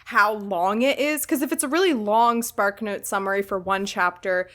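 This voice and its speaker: A woman's voice: mid-range voice, moderate pace, fairly bright tone. Chatty young woman podcast host. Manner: laughs often, chatty with many fillers. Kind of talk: casual chat.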